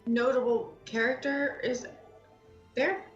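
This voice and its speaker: A woman's voice: a little high, steady tone, slow pace, muffled recording, soft background music. Woman, tabletop player, hesitant questions, echoey room. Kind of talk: casual chat at a tabletop game.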